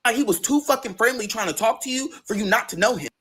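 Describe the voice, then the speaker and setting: A man telling a personal story in a storytime vlog, animated, dramatic and full of cursing. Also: very high-pitched, quick pace, hardly any pauses, slightly rough.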